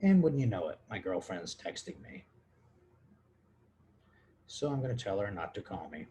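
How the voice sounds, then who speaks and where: A man's voice: sits low, big pitch swings, moderate pace, dark tone, a little hiss or hum. A man hosting his own podcast, drunk and rambling crudely through listener questions. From Texas. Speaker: podcast host. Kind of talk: casual comedic monologue answering listener questions.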